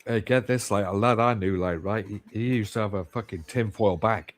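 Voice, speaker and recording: A man on a casual panel chat who tells excitable anecdotes and swears freely. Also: lowish voice, normal speed, slight background noise. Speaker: panel guest. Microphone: video call panel.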